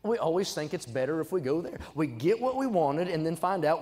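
A young adult man preaching a sermon, swinging from quiet asides to loud, emphatic exhortation. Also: fairly high pitch, expressive, a little fast. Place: church sanctuary. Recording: church sanctuary with long reverb.

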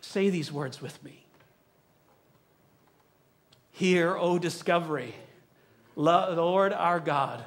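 A male pastor preaching a sermon in a church, leading his congregation through a recited passage with urgent, drawn-out emphasis. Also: fairly high pitch. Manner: leads the congregation in a call-and-response recitation; emphatic, urging, drawn-out phrasing. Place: church sanctuary.

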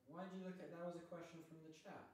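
A man's voice: a little high, level tone, racing, a little mellow. A man in the room teasing a streamer and throwing in questions from off the microphone. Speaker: friend in the room. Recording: roomy, off-mic.

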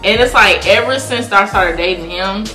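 A woman in her twenties chatting casually on a vlog, lively and swearing freely as she acts out what people said. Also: medium pitch, normal speed. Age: 20s. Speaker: vlog guest, girlfriend. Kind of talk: casual chat. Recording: echoey room with music behind.

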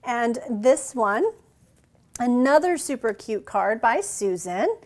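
A woman's voice: a little high, very animated, slow pace. A woman hosting a card-making channel, gushing and showering thanks as she shows handmade cards in a casual show-and-tell. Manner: gushing, warm thanks, frequent "so cute" exclamations.

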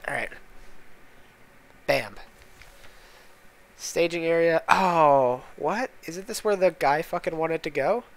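A man's voice: a little high, slow pace, long pauses. A man hosting a casual gameplay commentary, muttering in frustration with lots of swearing as he plays. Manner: profane, exasperated muttering. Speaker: gaming channel host.

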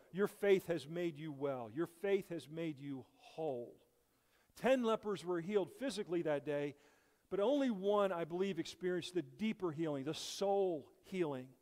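A man's voice: a little high, darkish tone, long reverb tail. A man preaching a sermon as a guest speaker in a church, with earnest emphasis that rises and falls. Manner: earnest, rising and falling emphasis. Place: church sanctuary.

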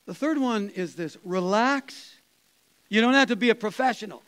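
A man, a pastor, preaching a conversational sermon, chuckling and dropping to soft quoted asides. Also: high voice, lively intonation, normal speed, poor audio. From Canada.

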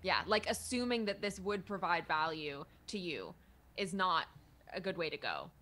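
A woman's voice: lowish voice, lively intonation, normal speed, sharp tone. A woman hosting a casual panel discussion, chatty and full of filler words. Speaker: show host.

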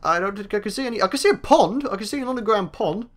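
A man's voice: high voice, animated, quick pace. A young man, a gaming host, chatting to himself through a let's play and taunting the monsters he meets. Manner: chatty self-talk, taunts game mobs.

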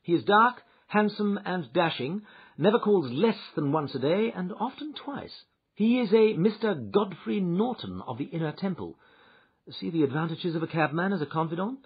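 Here a man's slightly high, slightly rough voice goes exaggerated as he reads an audiobook, playing a shrewd male detective who relates his adventure with lively, wry storytelling. The lo-fi recording sounds dull.

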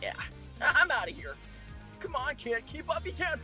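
A man's voice: extremely high pitch, wildly swooping pitch, normal speed, heavily acted. A man voicing a brash, crude male cartoon hedgehog hero in a goofy parody fan dub. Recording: music playing loudly under the voice.

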